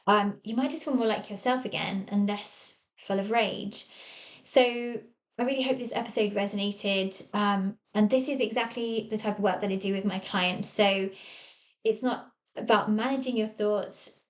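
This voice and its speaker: A woman's voice: medium pitch, moderate pace. An English woman with an English accent, a therapist hosting her own podcast from a small office and talking listeners through ideas in a coaching tone. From England. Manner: warm coaching tone, acts out quoted voices. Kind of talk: solo podcast talk.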